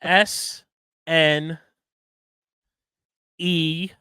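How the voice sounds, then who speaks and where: A man, co-hosting a podcast. He talks slowly and tells stories with plenty of swearing. The sound is dry and close, with no room echo. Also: fairly high pitch, clean tone. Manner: animated storytelling, swearing, spells words letter by letter. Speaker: podcast co-host. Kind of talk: casual podcast banter.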